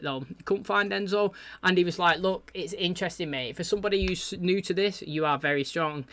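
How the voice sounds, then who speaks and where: A man who hosts a TV reaction channel recaps an episode, rambling and chatty, paraphrasing loosely with frequent fillers. His voice is fairly high, pushed and bright, with no room sound.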